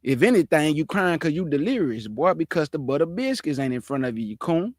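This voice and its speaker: A man hosting a reaction show, scolding and mocking a clip in loud, lively commentary. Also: fairly high pitch, brisk, no room sound, clean studio sound.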